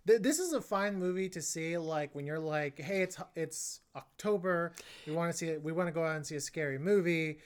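A woman's voice: deep voice, a little fast, hardly any pauses. A woman co-hosting a casual movie review podcast, rambling with many restarts. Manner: rambling, frequent restarts and laughs. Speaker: podcast co-host.

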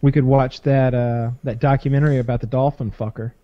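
A man's voice: medium pitch, fairly even intonation, a little fast, lo-fi sound. A man co-hosting a podcast in a laid-back casual chat, giving short replies. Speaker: podcast co-host.

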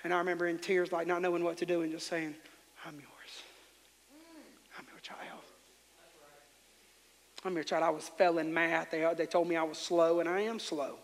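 High, gravelly pastor preaching. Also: male voice, flat delivery, fast talker, few pauses, in a large hall. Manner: fervent preaching, directing the congregation to respond. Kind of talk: sermon. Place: church sanctuary.

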